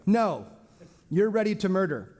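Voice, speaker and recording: Higher-pitched man teaching a Bible class. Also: unhurried. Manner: lively, joking, acts out quoted speech. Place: church classroom with a small group.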